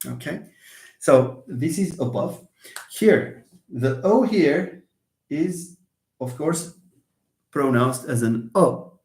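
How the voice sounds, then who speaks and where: A middle-aged man with a Moroccan accent gives a live English pronunciation lesson. His voice sits a little high for a man, and he repeats words over and over as he models each sound. The room around him rings with echo. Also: animated, slow pace, long pauses, a little mellow. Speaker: English teacher. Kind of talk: live online lesson with questions.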